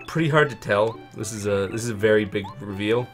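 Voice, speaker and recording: A man's voice: on the low side, faint music behind. Chatty young man, nerdy game banter. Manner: chatty, nerdy, quick banter with playful asides. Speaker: let's play co-host. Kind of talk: casual gameplay chat.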